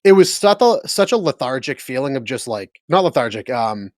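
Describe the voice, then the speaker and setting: A man's voice: medium pitch, sing-song, normal speed, darkish tone, no echo, studio quality. A man co-hosting a podcast in casual chat, laid-back and profane, sometimes searching for words. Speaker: podcast co-host.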